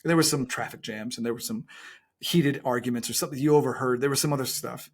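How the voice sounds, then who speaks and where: Fast-talking husky male coach. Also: mid-range voice, steady tone. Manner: earnest, motivational, stresses key phrases slowly. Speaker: guest business coach. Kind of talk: podcast conversation.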